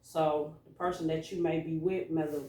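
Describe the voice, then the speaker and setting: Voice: medium pitch, level tone, moderate pace, mellow, recorded from a distance. A tarot reader casually musing through a card reading for a collective audience, speaking in an informal, loose way. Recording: echoey room, voice away from mic.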